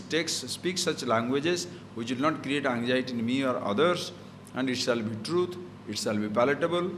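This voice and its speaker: With a medium-pitched voice and slight background noise, a man teaches scripture as a spiritual teacher. He quotes Sanskrit verses within English and clarifies them through ordinary examples and rhetorical questions.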